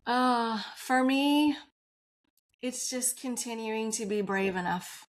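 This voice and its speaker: A woman's voice: fairly high pitch, slow. A woman guest on a podcast interview, telling her personal story in an open, earnest way and laughing often.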